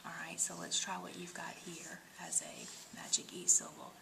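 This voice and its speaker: A woman teaching phonics one-on-one, patiently sounding out syllables and often dropping to a soft whisper. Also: on the low side, level tone, moderate pace, vocal fry. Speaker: reading teacher.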